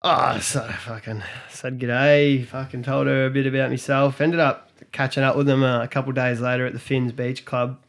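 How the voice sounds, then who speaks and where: A man's voice: medium pitch, little pitch movement, fairly quick, gravelly, hardly any pauses, fairly bright tone. A young Australian man with an Australian accent, co-hosting a casual podcast and telling rambling, sweary travel stories. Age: young adult. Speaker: podcast co-host. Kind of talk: casual chat.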